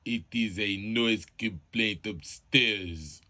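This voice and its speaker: A man voicing a male caller who claims to be from Russia and speaks in a slow, flat, put-on foreign manner. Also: on the low side. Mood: deadpan.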